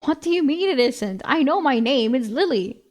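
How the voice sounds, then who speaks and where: A woman's voice: sits high, expressive, moderate pace, a little mellow. A woman voicing an exasperated young heroine in a novel she reads aloud, firing off incredulous retorts. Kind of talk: reading a novel aloud with voices.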